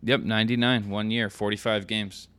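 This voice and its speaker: A man's voice: on the low side, level tone, moderate pace, a bit bright, smooth. A man co-hosting a casual sports podcast, easygoing, trading stats and jokes. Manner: easygoing, lots of fillers and restarts. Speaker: podcast co-host.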